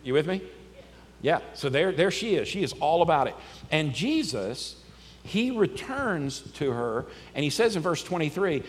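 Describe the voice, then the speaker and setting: Animated preacher, slightly high voice. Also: male voice, moderate pace, a little hiss or hum. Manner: conversational, animated preaching with scripture reading. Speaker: pastor. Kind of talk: sermon. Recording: long reverb, faint ambience.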